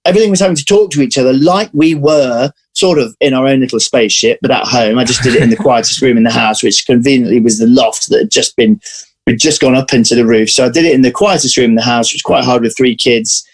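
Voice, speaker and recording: A man being interviewed as an actor, telling lively anecdotes in casual chat over a video call. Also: mid-range voice, fast talker, low-quality recording. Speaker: actor guest.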